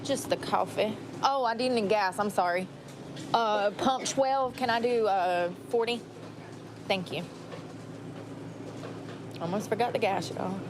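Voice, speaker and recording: A woman's voice: medium pitch, a little slow, pauses often, background noise. A woman vlogging casually from her car, chatty and blunt, swearing freely. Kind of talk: casual chat while driving.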